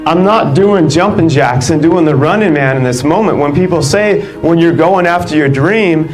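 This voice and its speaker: Animated male motivational keynote speaker. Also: fairly high pitch, moderate pace, faint music behind, low-quality recording. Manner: animated, conversational, many "like" fillers, laughs between lines. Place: live event stage.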